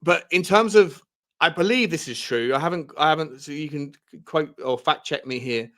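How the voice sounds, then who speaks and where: A man's voice: fairly high pitch, moderate pace, pushed and bright. A man co-hosting a football podcast in casual chat, rambling, with many fillers and restarts.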